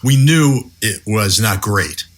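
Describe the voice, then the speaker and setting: A man, an executive producer and head writer, thinking back on a show in a casual podcast chat, speaking in a measured, reflective way. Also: on the low side, expressive. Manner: reflective, measured, with frequent fillers.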